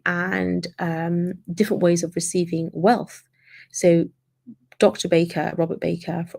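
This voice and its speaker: A woman's voice: lowish voice, gravelly, dry recording. A woman, a business coach, giving a chatty online masterclass and acting out little scenes as she goes. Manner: chatty, animated, acts out complaining travelers.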